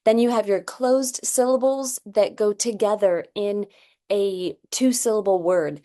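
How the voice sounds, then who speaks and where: A woman's voice: mid-range voice, a little slow, mellow. A woman teaching reading, explaining a phonics assessment and sounding out example words one by one, often checking in with "okay?".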